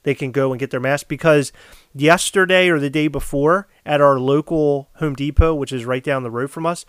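A man from co-hosting a casual podcast, telling stories in animated, profane bursts. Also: on the high side, moderate pace, clean tone, no echo, clean studio sound. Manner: animated storytelling, swearing, loud bursts. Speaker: podcast co-host.

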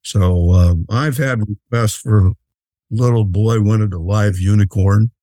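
An actor playing a jolly, patient old Santa Claus, telling unhurried, fatherly anecdotes with many fillers in an interview. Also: fairly low pitch, warm tone, dry recording. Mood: gentle. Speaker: interview guest. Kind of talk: in-character storytelling interview.

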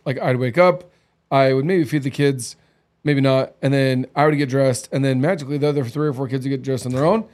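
A man's voice: medium pitch, darkish tone. A man in his thirties co-hosting a casual chat, telling candid stories with lots of acted quotes. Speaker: podcast co-host.

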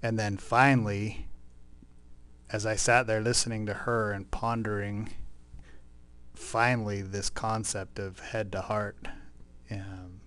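Brief: male podcast co-host, lowish voice, thoughtful storyteller who pauses to think. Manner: reflective, thinks aloud with many um's. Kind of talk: casual faith podcast storytelling.

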